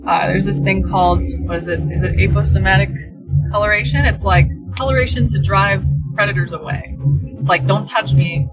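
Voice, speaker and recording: Chatty guest over loud music. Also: mid-range voice, fairly quick, low-quality recording. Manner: enthusiastic, explains science in an offhand way. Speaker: podcast guest. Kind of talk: casual chat.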